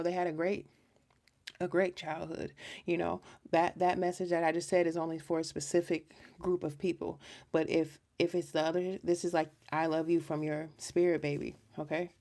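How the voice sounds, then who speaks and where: A woman's voice: lowish voice, darkish tone. A woman hosting a live tarot reading, talking in a chatty, earnest, rambling way with lots of restarts. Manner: earnest and emotional. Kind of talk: casual live-stream reading.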